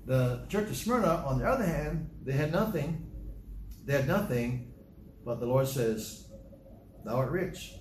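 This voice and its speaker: A man preaching a sermon in a medium voice, leaning hard on key words and repeating them. He slows way down when reading scripture. The room rings with echo, and a faint hiss sits underneath. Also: mid-range voice, very animated, darkish tone. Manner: emphatic, repeats phrases, reads scripture slowly. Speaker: pastor. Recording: echoey room with faint noise.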